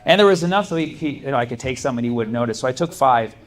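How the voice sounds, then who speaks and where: Laughing stand-up comic, noisy club. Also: male voice, medium pitch, expressive, rapid-fire. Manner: loose, chatty, laughing through punchlines. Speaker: stand-up comedian. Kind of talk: stand-up comedy set. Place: comedy club stage. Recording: live club recording with audience noise.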